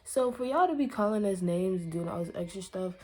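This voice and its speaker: A woman's voice: mid-range voice, animated, brisk, darkish tone. A woman vlogger in a casual rant to camera, exasperated and emphatic, lecturing her viewers.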